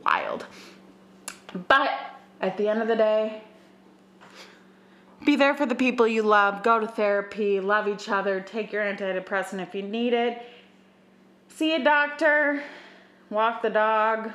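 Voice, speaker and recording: A young woman hosting a podcast by herself, talking emotionally and swearing as she moves between quiet asides and fired-up preaching. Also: mid-range voice, unhurried, long pauses. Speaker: podcast host. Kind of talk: casual solo podcast rant.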